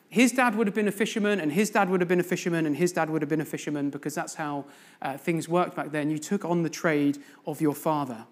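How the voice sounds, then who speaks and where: A man giving a sermon as a guest preacher in a church, telling a story and putting questions to the congregation. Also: high voice.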